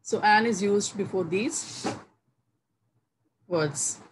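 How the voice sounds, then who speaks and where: A woman gives a slow, unhurried grammar lesson, taking her time over every phrase. She speaks at a middling pitch and repeats each example word carefully. A faint hiss of background noise sits under the recording. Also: low-quality recording. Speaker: English grammar teacher. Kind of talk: slow, deliberate classroom explanation.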